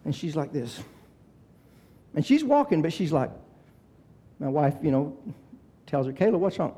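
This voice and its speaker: An older man preaching a sermon, swinging between loud, shouted exhortation and quiet, chatty family stories. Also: fairly high pitch, sing-song, measured pace, pauses often. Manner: preaching that swells to shouting, then drops into soft storytelling. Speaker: pastor. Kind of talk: sermon with storytelling.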